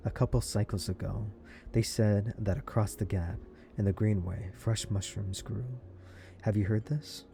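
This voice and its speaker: A man reading aloud the lines of a booming, wary but friendly male street-food cook in a game, with a low voice. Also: steady tone, a little slow, gravelly, mellow.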